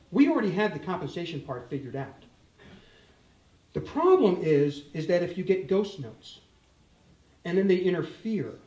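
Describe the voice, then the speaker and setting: An older man giving a joking, animated guitar demonstration talk, speaking directly to a live audience. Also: fairly high pitch. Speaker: guitar clinician. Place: store event room with audience. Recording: roomy, distant mic.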